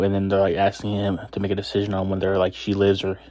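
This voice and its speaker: A man's voice: sits low, completely flat delivery, fast, few pauses, a little mellow, no echo, studio quality. A man casually retelling a comic chapter, rambling with plenty of fillers and restarts. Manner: rambling, filler-heavy retelling with quoted lines. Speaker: manga chapter reviewer. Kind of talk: casual spoken recap.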